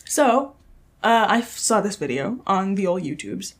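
A woman's voice: mid-range voice, animated, measured pace. A young woman hosting a casual podcast chat, giggly and self-deprecating, laughing often. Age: young adult. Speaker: podcast host.

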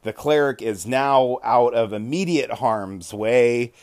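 A man hosting a podcast casually retells a tabletop game session, swearing freely and often correcting himself mid-sentence. His mid-range voice is darkish in tone and slow.

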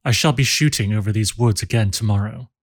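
A man's voice: fairly low pitch, fairly quick, no echo, studio quality, voice pushed down. A male narrator voicing a gallant officer with polished, courtly manners.

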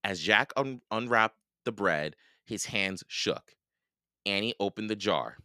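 Slow, expressive man reading a storybook. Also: lowish voice, dry recording, studio quality. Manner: slow, expressive read-aloud. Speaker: reader.

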